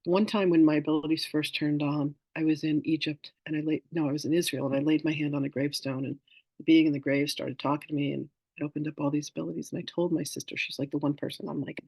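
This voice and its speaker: A man with a fairly high, gravelly voice that carries some huskiness hosts a spiritual class over a video call. He talks casually, moves from teaching into stories, and acts out the people he quotes along the way. The sound is dry and close. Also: fast, no echo, poor audio. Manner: animated storyteller acting out quoted voices. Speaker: spiritual teacher hosting a masterclass.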